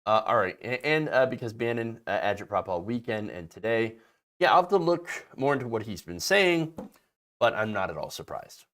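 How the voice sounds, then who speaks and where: A male political commentator delivering sarcastic, mocking commentary with a lively, swinging pitch. He drops casual profanity and mock asides as he talks. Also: moderate pace.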